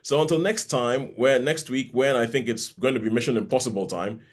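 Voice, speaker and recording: A man's voice: medium pitch, a little fast. A man co-hosting a podcast, chatting casually and rambling with frequent restarts. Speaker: podcast co-host. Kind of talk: casual chat.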